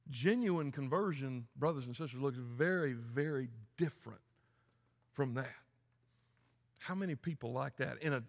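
A man, preaching a sermon in a blunt, folksy way that swings from quiet asides to loud preaching. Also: a little high, gravelly. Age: 50s. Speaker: pastor. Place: large church sanctuary. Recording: echoey church hall.

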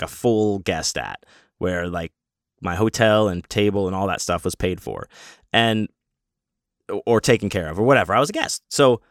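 A man's voice: fairly low pitch, fairly bright tone, no echo, clean studio sound. A man telling a rambling, profane story in a casual way, with many restarts. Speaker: convention guest.

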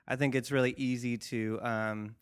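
A man with a smooth, clear voice talks through a podcast story. He rambles, leans on "you know" and "like", and drops dry, sarcastic remarks. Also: mid-range voice, fairly even intonation, normal speed. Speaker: podcast co-host. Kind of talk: casual chat.

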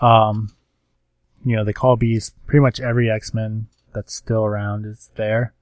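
A man casually recapping a comic book issue, rambling with lots of fillers and quick acted-out quotes of the characters. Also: on the low side, little pitch movement, clear, resonant tone, no echo. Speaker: comics podcast co-host. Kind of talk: casual chat.

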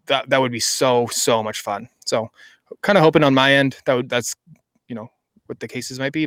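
A man co-hosting a podcast in loose, eager chatter, often restarting his sentences. His voice is smooth and resonant, and it sits dry and close to the mic. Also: medium pitch, a bit bright, no room sound. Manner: chatty, enthusiastic, rambling with restarts. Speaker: podcast co-host. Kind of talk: casual chat.

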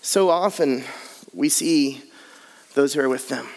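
A man's voice: mid-range voice, measured pace, long reverb tail. A man preaching a sermon earnestly, building his points in repeated lists. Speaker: pastor.

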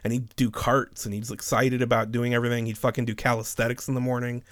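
A man's voice: mid-range voice, quick pace, dry recording, studio quality. A man casually telling a funny workplace story, swearing often and laughing. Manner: profane, animated, laughs often. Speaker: podcast host telling a story.

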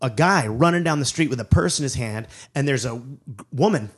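A middle-aged man telling a comic story in conversation, animated and acting out the people in it. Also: mid-range voice, fairly quick. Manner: animated, acts out characters, many restarts. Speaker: comedian, storyteller.

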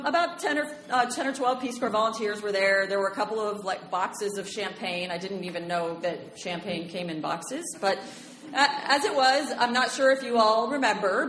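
A young American woman telling a personal story live on stage in a bar, chatty and animated, with many fillers. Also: mid-range voice, a little hiss or hum. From United States. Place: bar stage before an audience. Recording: echoey live room.

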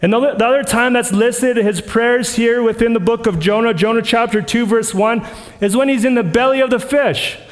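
A man preaching a sermon as a pastor, in an earnest, conversational way that acts out the scripture he quotes. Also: very high voice. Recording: long hall reverb.

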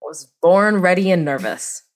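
A woman's voice: lowish voice, moderate pace. A woman as a podcast guest in casual chat, trading dry jokes. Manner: jokey, deadpan quips.

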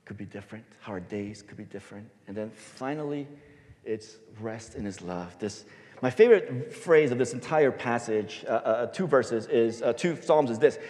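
A man pastor giving a sermon, telling a story and swinging his voice between loud and soft for emphasis. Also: mid-range voice. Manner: storytelling, varies loudness for emphasis. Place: church sanctuary. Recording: long hall reverb.

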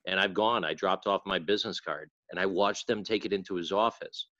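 A man's voice: sits low, brisk, sharp tone, dry recording, lo-fi sound. A man co-hosting a podcast from a hotel room, talking in a laid-back, rambling way with restarts. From North Carolina. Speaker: podcast co-host. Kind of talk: casual chat.

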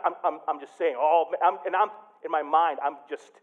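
A man preaching a sermon as pastor, telling a story with big swings from quiet to loud. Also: fairly high pitch, steady tone, moderate pace, narrow, tinny audio. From Michigan.

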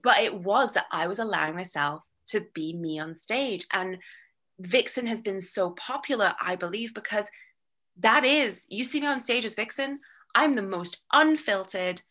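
A young British woman chatting casually in an interview, lively and acting out the voices she quotes. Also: mid-range voice, moderate pace. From Britain. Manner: animated, acts out quoted voices, swears casually. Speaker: guest, burlesque performer and actor.

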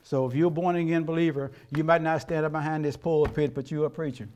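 Older man, pastor, sermon, folksy, emphatic, rhetorical questions, high-pitched. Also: fairly even intonation, fast, a little mellow.

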